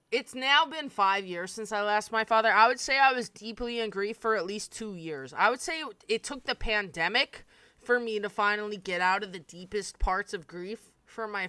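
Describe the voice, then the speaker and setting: Candid, bright-voiced young woman storyteller. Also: medium pitch, clean tone, no echo. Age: 20s. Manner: candid, darkly funny, swears freely. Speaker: streamer. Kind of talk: casual storytelling.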